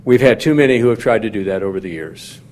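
A man preaching a sermon in a measured, teaching manner, putting questions to his listeners. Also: lowish voice, animated, darkish tone. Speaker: pastor.

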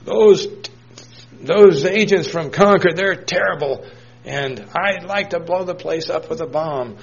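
Brief: a preacher doing a hostile deaf old man, barking high and loud. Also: a little slow, vocal fry, muffled recording. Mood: angry. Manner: shouting, raised and high. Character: cranky hard-of-hearing old man, hostile.

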